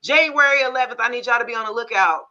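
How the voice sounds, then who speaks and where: A woman's voice: on the high side, fast talker, muffled recording. A woman hosting a casual tarot live stream, telling stories frankly with cussing and checking in with her viewers often. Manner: animated storyteller, frank and cussing, asks the audience for agreement.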